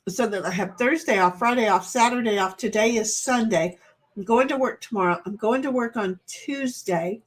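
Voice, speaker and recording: A woman's voice: on the high side, normal speed. A woman hosting a livestream alone, chatting casually with her viewers, reading out their comments and rambling in a playful, self-deprecating, confused way.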